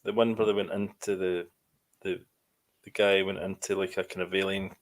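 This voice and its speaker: Halting man, low voice. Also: level tone. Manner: halting, searches for words. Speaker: podcast co-host. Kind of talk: casual chat.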